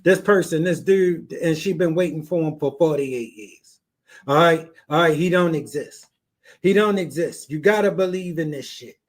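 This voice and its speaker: A man's voice: on the high side, moderate pace. A man hosting a reaction podcast, giving blunt, mocking, profane commentary and repeating his punchlines.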